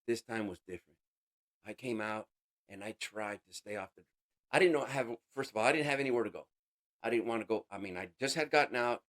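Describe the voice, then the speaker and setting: A man giving an emotional personal testimony as an interview guest, halting and casual, with street slang. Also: medium pitch, fairly bright tone. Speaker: interview guest sharing a recovery story.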